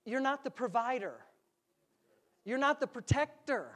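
A man's voice: very high voice, expressive, measured pace, fairly bright tone. Joking, conversational male pastor preaching. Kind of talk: sermon. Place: church sanctuary.

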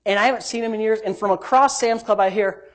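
Man preaching, loud then muttered. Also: quick pace. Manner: storytelling, swings between loud emphatic preaching and low muttered asides; acts out quoted speech. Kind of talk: sermon with personal testimony.

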